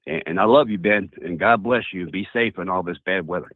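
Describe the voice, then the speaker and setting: A man's voice: low-pitched, brisk, no echo. Folksy man on a phone line. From Tennessee, USA. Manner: folksy and emphatic, repeats himself. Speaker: caller. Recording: dry tinny phone line.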